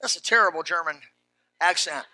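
A middle-aged pastor preaching a sermon, telling folksy stories with animated rises and shouts. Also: male voice, fairly high pitch, a little fast, no echo.

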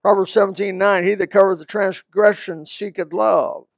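An older man, a Baptist pastor, preaching a sermon in a folksy, conversational way with quick asides. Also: high-pitched, fairly even intonation, vocal fry, dry recording, studio quality. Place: church.

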